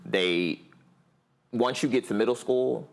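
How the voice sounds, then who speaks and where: A man's voice: medium pitch, takes it slowly, creaky. A man who teaches math, explaining plainly and earnestly as a guest on a talk panel.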